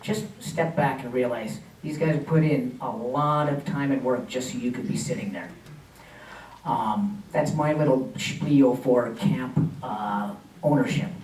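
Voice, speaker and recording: A man's voice: mid-range voice, a little slow, a little mellow. A man giving a community talk with slides, telling family history in a chatty way with hesitations and small laughs. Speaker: guest speaker. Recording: echoey room mic from a distance.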